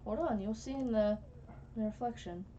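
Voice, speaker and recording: A woman's voice: on the high side, moderate pace, mellow, lo-fi sound. A woman co-hosting a casual livestream, cheerful and teasing, speaking from further away from the microphone. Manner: cheerful, teasing, laughs often. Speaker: co-host.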